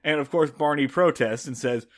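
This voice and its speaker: A man's voice: a little high, a bit bright. A man co-hosting a podcast, wryly summarizing an old TV episode and adding little sound effects. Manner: wry, brisk summarizing, adds sound effects. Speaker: podcast co-host. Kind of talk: casual comedic recap.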